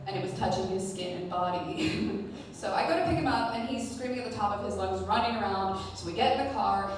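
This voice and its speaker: A woman performing a stand-up comedy set live on stage, telling a story in a deadpan way with filler ums. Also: medium pitch. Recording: echoey hall from a distance, audience noise.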